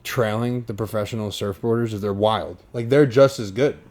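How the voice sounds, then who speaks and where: A man's voice: on the low side, normal speed, a loud crowd. A young man co-hosting a casual podcast chat, slangy and laughing, swearing freely. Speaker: podcast co-host.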